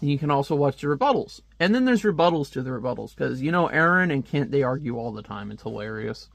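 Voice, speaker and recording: A man's voice: medium pitch, lively intonation, fast talker, creaky, no room sound. A man giving casual, joking commentary while reviewing a comic book page by page. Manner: chatty, joking asides.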